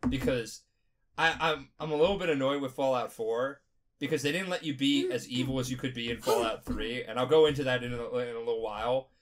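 A tipsy man talking casually on a podcast, rambling, profane and animated. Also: medium pitch, brisk. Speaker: podcast host.

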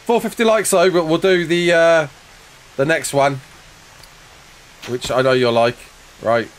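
A man's voice: a little high, fairly even intonation, unhurried, a little hiss or hum, rough recording. A man streaming a survival game live, chatting casually, laughing often and joking with chat as he builds.

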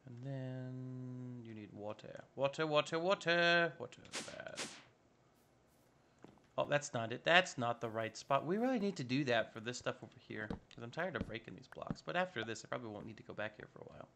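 A man's voice: medium pitch, expressive, quick pace, gravelly, few pauses, bright, forceful tone, slight background noise. A man giving casual, upbeat commentary while playing a modded block-building game, chatting to himself as he builds. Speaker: Minecraft modpack let's-play host.

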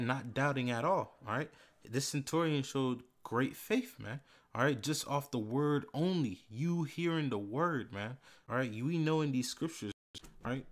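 A man giving a casual bible lesson, reading verses slowly and with emphasis, tagging phrases with "man" and "all right". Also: mid-range voice. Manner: reads scripture slowly and loudly, fillers like "man" and "all right". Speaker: bible teacher.

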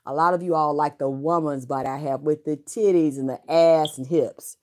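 A middle-aged woman with a notably low, deep voice talks straight to her viewers. Her storytelling is candid and loose, wandering from point to point with blunt, salty words. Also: steady tone, normal speed, a little mellow. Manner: frank, rambling, salty, with profanity. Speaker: vlogger.

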